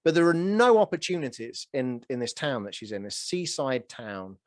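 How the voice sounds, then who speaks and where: A man in his early forties hosting a casual interview, telling stories with animated energy and a self-deprecating chuckle. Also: mid-range voice, moderate pace, no room sound, studio quality. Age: 40s. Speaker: podcast host.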